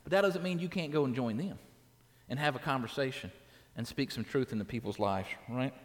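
A man's voice: mid-range voice, a little fast, long reverb tail. A man preaching a sermon in a church, talking conversationally and often checking in with "right?". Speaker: pastor. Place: church sanctuary.

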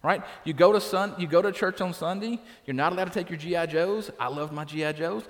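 A man's voice: sits high, brisk, hardly any pauses, long reverb tail. A man preaching a sermon as pastor, conversational and direct, often tagging his points with "right?". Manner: conversational, tags lines with "right?". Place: church.

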